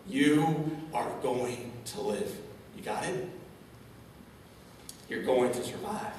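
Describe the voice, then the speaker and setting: Un hombre que interpreta a un veterano locutor de béisbol, insistiendo con urgencia para animar a un niño. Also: male voice, medium pitch, lively intonation, slow pace, darkish tone, slight background noise. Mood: urgent. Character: gruff older male baseball announcer, encouraging. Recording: echoey hall, speaker far from mic.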